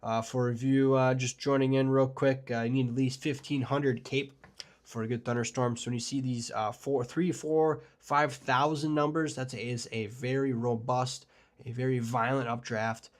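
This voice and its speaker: A man hosting a live weather forecast stream, talking casually and rambling with lots of fillers, excited about storms and chatting with viewers. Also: medium pitch, moderate pace. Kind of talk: live forecast discussion with chat.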